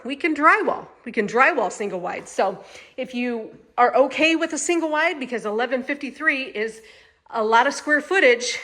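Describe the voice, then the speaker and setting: A woman's voice: a little high, sharp tone. A woman with a Midwestern American accent giving a chatty, enthusiastic walkthrough of a home, indoors. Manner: chatty and enthusiastic, repeats phrases. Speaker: manufactured home sales host. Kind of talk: casual walkthrough home tour.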